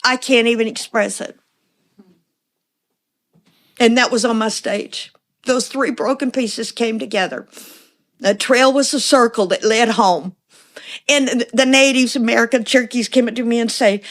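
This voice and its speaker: An older woman in her seventies tells a personal story with animated energy, slipping into the voices of the people she describes. Her voice sits a little higher than most women's. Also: measured pace, pauses often. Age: 70s. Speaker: guest. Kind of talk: storytelling in conversation.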